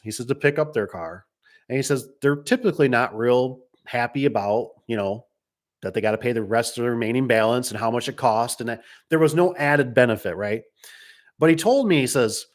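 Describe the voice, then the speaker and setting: Middle aged guy runs a garage door shop, rambles thru stories, mid pitch voice. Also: fairly quick. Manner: rambling, with many restarts and quoted dialogue. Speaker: garage door business owner. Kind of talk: casual talk answering viewer comments.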